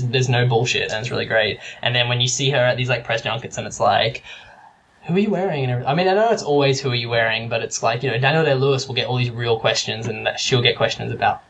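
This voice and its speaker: A man's voice: medium pitch, fairly bright tone, a little hiss or hum. A man chatting casually about films, rambling with lots of fillers and restarts. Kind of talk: casual chat.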